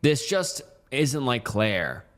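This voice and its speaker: A man's voice: mid-range voice, sing-song, slow pace, fairly bright tone. A man doing a worried, anxious mother. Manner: anxious, questioning. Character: worried middle-aged mother.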